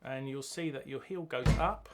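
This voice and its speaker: A man's voice: mid-range voice, normal speed, very noisy. A man teaching a drum lesson, chanting rhythm words as he plays. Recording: loud drumming behind the voice. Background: drum kit playing.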